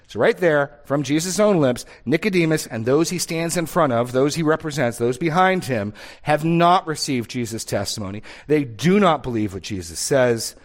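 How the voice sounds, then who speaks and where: A man's voice: on the high side, lively intonation, moderate pace. A man preaching an expository sermon, emphatic and fond of repeating key phrases and asking rhetorical questions. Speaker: pastor.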